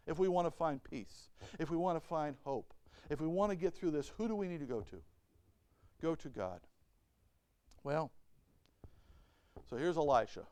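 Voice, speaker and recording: A man's voice: high-pitched, a little mellow, clear, resonant tone, dry recording. A male pastor preaching a sermon in church. He reads Bible verses and asks the congregation rhetorical questions. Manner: reads Bible verses aloud and explains them.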